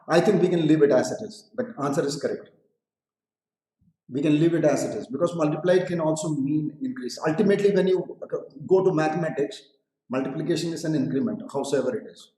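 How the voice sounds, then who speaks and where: A man's voice: a little high, brisk, warm tone. A man with an Indian English accent teaching a live online English lesson, explaining patiently, repeating phrases, asking students questions and slipping into Hindi. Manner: addresses students directly with questions. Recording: echoey room.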